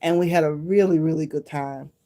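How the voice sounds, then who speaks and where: Low mellow-voiced woman vlogger from Detroit. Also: steady tone, brisk. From Detroit, Michigan. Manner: reminiscing, talks straight to viewers. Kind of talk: casual chat to viewers.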